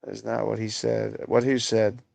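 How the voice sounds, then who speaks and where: A man's voice: lowish voice, level tone, measured pace, vocal fry, darkish tone, no echo. A man hosting a political livestream, ranting in casual, profane, exasperated commentary full of "bro" and "dude.".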